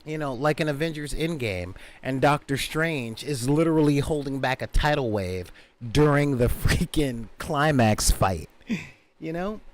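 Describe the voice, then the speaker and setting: A man hosting a tabletop gaming channel, telling animated stories in casual chat and slipping into quick character voices. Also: mid-range voice.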